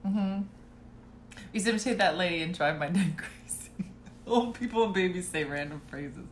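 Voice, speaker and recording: A middle-aged woman telling family stories in a casual chat to viewers, laughing and clearing her throat now and then. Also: fairly low pitch, normal speed, echoey room, slight background noise.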